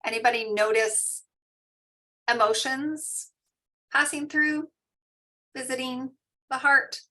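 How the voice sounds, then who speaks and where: Mindfulness teacher, woman, higher bright voice, soft soothing delivery over a video call. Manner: soft, slow and soothing, reads out participants' shares. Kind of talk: guided meditation and parent info session. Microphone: online video call.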